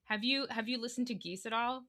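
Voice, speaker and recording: A woman's voice: on the high side, fairly quick, bright, forceful tone. A woman with a Long Island accent, co-hosting a casual podcast chat about books and hedging her points with lots of fillers. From Northeastern US. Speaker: podcast co-host.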